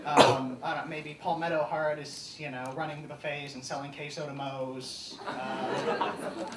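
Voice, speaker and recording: A young man doing a stand-up comedy set, deadpan and halting with many ums, on a live comedy stage. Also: fairly high pitch, over a noisy crowd, very noisy. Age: young adult. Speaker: student stand-up comic. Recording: echoey hall, distant mic, audience laughter.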